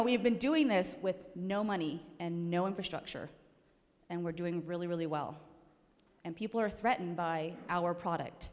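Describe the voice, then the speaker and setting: A woman's voice: fairly low pitch, darkish tone. A young woman from the Navajo Nation, a rancher, speaking casually and emotionally at a panel, laughing often. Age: young adult. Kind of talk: casual public comments. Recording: echoey hall.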